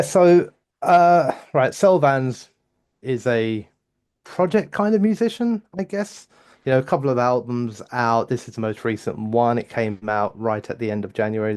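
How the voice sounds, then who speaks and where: A man's voice: mid-range voice, a little mellow. A man with an ordinary mid-range voice explains a band to his co-host in casual chat. He rambles and restarts often while he looks for the right words. His talk is loose and unscripted. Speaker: co-host of a music reaction show.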